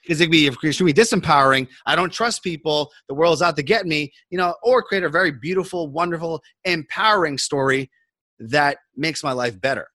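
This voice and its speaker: A man speaks as a podcast guest, with a sharp, forceful voice pitched a little high. He explains things emphatically and acts out his own thoughts. The sound is dry and close to the mic. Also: brisk, dry recording. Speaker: interview guest, health coach. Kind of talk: podcast interview.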